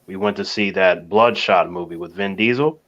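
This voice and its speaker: A low-voiced man tells a long story on a casual talk panel, easygoing and measured, dropping soft fillers as he goes. The sound comes through dull and lo-fi.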